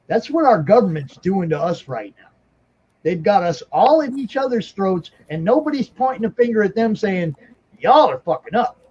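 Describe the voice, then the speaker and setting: High husky man lecturing, dull lo-fi sound. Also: sing-song, normal speed, darkish tone. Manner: emphatic, lecturing, repeats "okay?". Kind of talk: casual chat.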